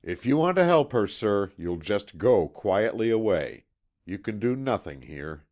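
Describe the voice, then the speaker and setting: A man's voice: lowish voice, big pitch swings, a little slow, a little mellow. A man voicing an agitated male servant who speaks formally and tries to control his emotion. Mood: urgent. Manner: formal, tense, pressing.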